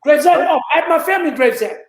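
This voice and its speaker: A man chatting as a guest on a show, joking and breaking into loud exclamations. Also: extremely high pitch, animated, rapid-fire. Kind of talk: casual chat. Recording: echoey room audio.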